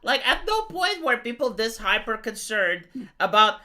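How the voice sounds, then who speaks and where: Eastern european guy on a stream, lively pitch, bright voice, laughs a lot. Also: measured pace. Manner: animated, laughs often, trails off with fillers. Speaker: live stream host. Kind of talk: casual political chat.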